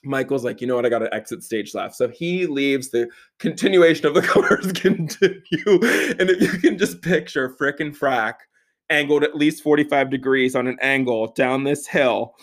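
A man's voice: medium pitch, moderate pace. A young man tells a story in a loose, casual way. He swears freely and keeps breaking into laughter as he goes. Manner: animated, profane, laughing often while telling the story. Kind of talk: casual anecdote telling.

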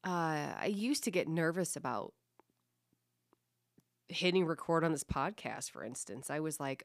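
A woman's voice: low voice, expressive, unhurried, vocal fry, pauses often, dry recording, clean studio sound. A woman hosting her own podcast, talking casually and bluntly, with lots of swearing and self-deprecating jokes. She also coaches kids in fitness. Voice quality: voice described as a radio voice. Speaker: podcast host. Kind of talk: casual solo podcast monologue.

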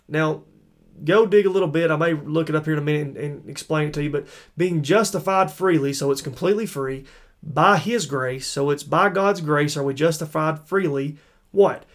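A man preaching verse by verse, thinking aloud and repeating words for emphasis in a conversational way. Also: fairly high pitch. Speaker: preacher teaching scripture. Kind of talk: informal verse-by-verse Bible teaching.

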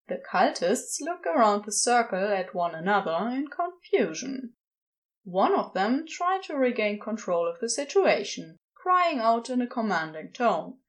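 A woman reading a comic story aloud as a narrator, with a wry, expressive delivery. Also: on the high side, a little slow. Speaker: podfic reader.

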